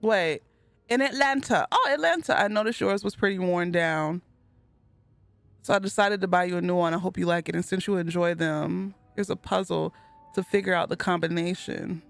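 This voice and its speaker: A woman narrates her gameplay in a smooth, resonant voice with a gravelly fry under it. She reads letters aloud slowly and earnestly, then bursts into giddy squeals. The voice is close and dry, with faint music behind it. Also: fairly low pitch, steady tone, no room sound. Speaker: gaming video host. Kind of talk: let's play commentary, reading in-game letters aloud.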